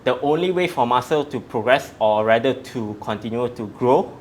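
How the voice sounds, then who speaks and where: A man's voice: medium pitch, lively intonation, moderate pace, a little hiss or hum. A man, a strength coach, explaining in an interview in a methodical, step-by-step way. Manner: methodical, breaks facts down step by step.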